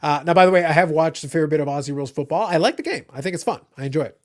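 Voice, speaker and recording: A man from Canada hosting a casual livestream, ranting in animated bursts and cursing freely. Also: fairly high pitch, very fast. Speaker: livestream host. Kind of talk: casual chat.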